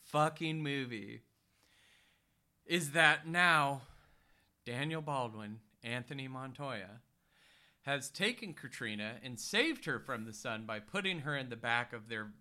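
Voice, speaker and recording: Bright, ranting profane man. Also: mid-range voice, lively intonation, a little slow. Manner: profane, exasperated ranting with put-on quotes. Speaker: podcast co-host. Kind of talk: casual movie-recap chat.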